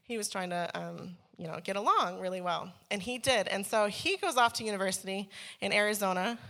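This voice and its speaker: A woman tells her life story to a congregation in a clear, bright voice. She speaks candidly and laughs often. When the story gets heated her voice shoots up high. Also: a little fast. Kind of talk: personal testimony to a church audience.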